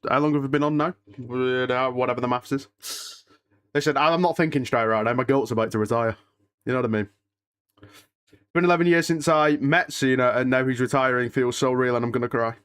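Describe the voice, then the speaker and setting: A man's voice: medium pitch, a bit bright, clean tone. Emotional young man streaming. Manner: restless and emotional, sighing and muttering oaths. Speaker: streamer hosting a live watch-along. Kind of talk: casual live-stream chat, reading and answering chat.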